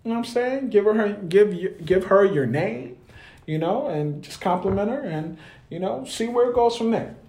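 Male co-host for a casual chat show: animated storyteller who slips into voices for the people in his story, recorded in a roomy space. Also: high-pitched, normal speed. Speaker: podcast co-host. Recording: roomy echo.

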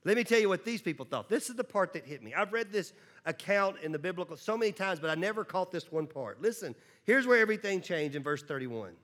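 A male preacher with a high-pitched voice delivers a sermon. He talks conversationally, doubling words as he starts sentences. He swings between loud, driving emphasis and low, hushed asides. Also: lively intonation, quick pace. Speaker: pastor.

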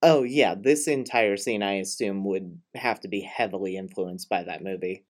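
A man's voice: sits low, moderate pace. A young man co-hosting a podcast, sardonic and blunt, swearing freely while recapping a movie. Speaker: podcast co-host. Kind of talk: casual movie recap chat.

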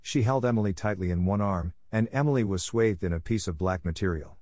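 Low-voiced man narrating a classic tale. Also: brisk, no room sound, studio quality. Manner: calm, even storytelling. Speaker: audiobook narrator. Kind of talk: scripted narration of a classic novel.

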